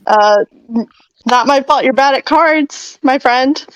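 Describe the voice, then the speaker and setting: A woman's voice: high voice, takes it slowly, smooth, muffled recording. A woman playing a tabletop game, talking casually and with amusement. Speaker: player.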